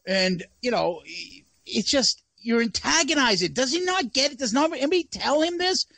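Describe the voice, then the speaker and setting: A man's voice: very high voice, animated, moderate pace, creaky, a bit bright, no room sound. Male podcast co-host, exasperated ranter, heavy swearing, dry close sound. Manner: ranting, swears a lot, exasperated. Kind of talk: casual chat.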